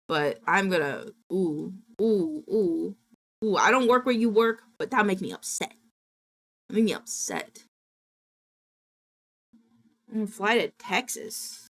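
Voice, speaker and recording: A woman's voice: medium pitch, measured pace, long pauses. Swearing, fired-up young woman streamer. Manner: indignant, swearing, animated ranting. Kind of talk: casual live-stream chat.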